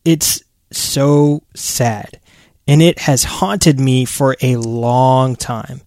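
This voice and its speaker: A man's voice: mid-range voice, extremely slow, a little mellow, no room sound, studio quality. A man co-hosting a podcast, reading listener questions aloud in a casual manner.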